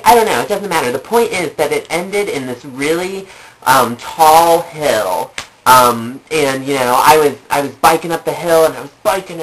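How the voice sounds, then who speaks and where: In a rough recording, a low-pitched young adult woman shares comedic stories from her own life. She's a vlogger who wanders off track, leaning heavily on fillers and repeating herself.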